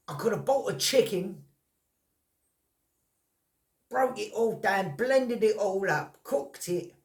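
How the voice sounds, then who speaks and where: Blunt man, roomy and distant. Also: on the high side. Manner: rambling, blunt, swears, laughs in disbelief. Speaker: vlogger on snaring and trapping. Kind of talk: casual chat to camera.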